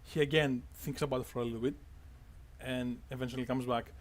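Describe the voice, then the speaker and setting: A man running a tabletop game as game master, narrating in an unhurried, casual way. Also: mid-range voice, steady tone.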